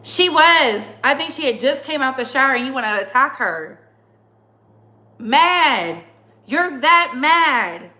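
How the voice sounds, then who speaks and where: A woman with a high, bright voice delivers a heated commentary monologue. She speaks bluntly and hammers her points home by repeating phrases. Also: lively intonation, slow. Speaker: commentary channel host.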